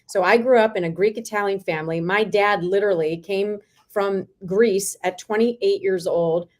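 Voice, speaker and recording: A woman in her forties, a real estate team leader, telling lively stories as an interview guest. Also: mid-range voice, moderate pace. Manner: lively, animated anecdotes. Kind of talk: storytelling in a video interview.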